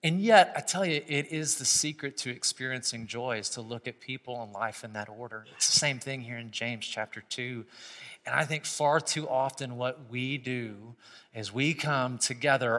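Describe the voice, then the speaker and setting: Man preaching in a reverberant church. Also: mid-range voice. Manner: builds from quiet reflection to loud impassioned preaching. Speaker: pastor. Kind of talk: sermon. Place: church sanctuary. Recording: long hall reverb.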